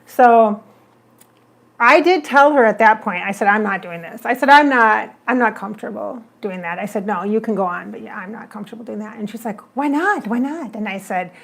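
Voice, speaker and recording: A woman's voice: mid-range voice, a little fast, creaky. A woman who works as a psychic medium, telling a story on a casual livestream and acting out her own remarks. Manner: animated, acts out her own remarks in the retelling.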